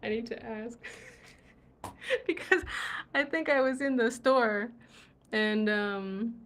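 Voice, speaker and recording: A woman from the USA chats on a livestream and reads viewer comments, laughing often and trailing off into murmurs. Her voice is bright and sits a little high, and she takes her time between phrases. She sounds tired from travel. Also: takes it slowly, a little hiss or hum. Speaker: livestream host. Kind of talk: casual chat reading viewer comments. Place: indoors in Morocco.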